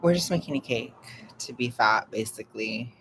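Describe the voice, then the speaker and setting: Gravelly young man chatting casually. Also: medium pitch, expressive, moderate pace, sharp tone, slight background noise. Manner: rambling, self-mocking, laughs often. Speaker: vlogger. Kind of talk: casual live-stream chat. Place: at home.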